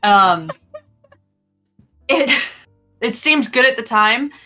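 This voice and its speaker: A woman's voice: on the high side, expressive, drawn-out words, over music. A woman playing a tabletop game, hesitant with many ums as she narrates her character. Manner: hesitant, lots of ums, giggly. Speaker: player. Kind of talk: tabletop role-play narration.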